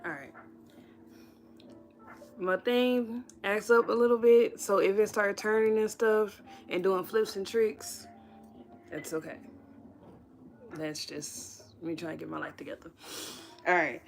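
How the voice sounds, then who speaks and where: A woman's voice: medium pitch, unhurried, long pauses, a little hiss or hum. A woman giving a casual, reassuring tarot reading on a livestream, chatty, with many "right?" tag questions. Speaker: tarot reader.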